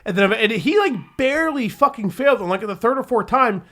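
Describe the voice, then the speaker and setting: A man co-hosting a podcast, telling a long profane story in a rambling, animated way. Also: very high voice, fairly quick. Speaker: podcast co-host. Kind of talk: casual storytelling chat.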